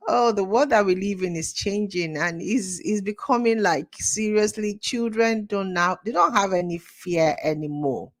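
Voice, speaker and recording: A young Nigerian woman hosting a casual commentary, her voice sitting on the low side. She talks with indignant exclamations and small laughs as she weighs in on online behavior. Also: moderate pace. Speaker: commentary channel host.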